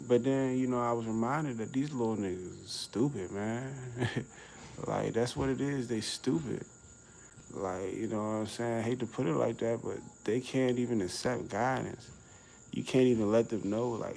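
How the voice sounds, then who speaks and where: A man's voice: mid-range voice, normal speed, vocal fry, a little mellow, a little hiss or hum, rough recording. A middle-aged man vlogging outdoors on a summer evening, talking in a laid-back, slangy way and laughing often. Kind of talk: casual outdoor vlog rant.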